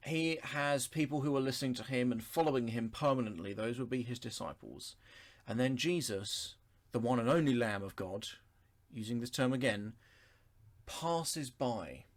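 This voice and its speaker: Unhurried man explaining scripture. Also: medium pitch. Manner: thoughtful, unhurried, with frequent pauses and self-corrections. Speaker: Bible teacher. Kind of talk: reading scripture and explaining it verse by verse.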